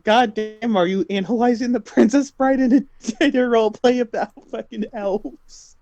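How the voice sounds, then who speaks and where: A man's voice: very high voice, steady tone, normal speed, a little mellow, highs cut off, faint music behind. A young man in casual chat with his brother as a player in a tabletop game, laughing and teasing.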